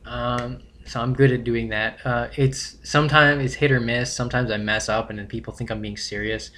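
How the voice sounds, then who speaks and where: A man's voice: mid-range voice, pushed and bright. Rambling young man vlogging. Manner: rambling, halting, self-correcting. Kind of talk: rambling casual monologue.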